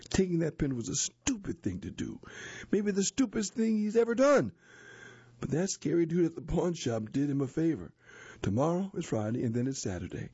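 Man reading aloud, warm mellow tone, dry muffled audio. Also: medium pitch, husky, dry recording. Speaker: narrator, reader. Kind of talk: storybook and handbook read-aloud. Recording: dull lo-fi dry recording.

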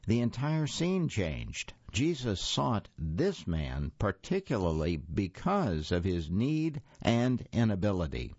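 A deep-voiced man reads a daily devotional and scripture slowly and reverently, his intonation rising and falling a great deal. The recording is dry and a little muffled. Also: a little mellow, husky, no echo. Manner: measured, reverent reading. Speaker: devotional reader.

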